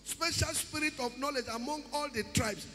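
A preacher with a high voice delivers an emphatic sermon. His words ring out with long reverb in a large space. Soft music plays underneath. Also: normal speed. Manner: emphatic preaching, breaking into song. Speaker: pastor.

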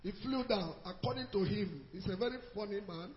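High-voiced Nigerian pastor preaching. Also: male voice, a little fast, slight background noise. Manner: animated, rises to shouts for emphasis. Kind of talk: sermon storytelling. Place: church. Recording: echoey hall, dull lo-fi sound.

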